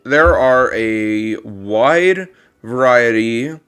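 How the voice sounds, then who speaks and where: Here a man reads game dialogue as a kindly old monster caring for a child, his put-on voice strained yet clean-toned at medium pitch. He speaks extremely slowly with lively intonation, and the character comes across as wistful, gentle, and formal, with a fondness for rambling.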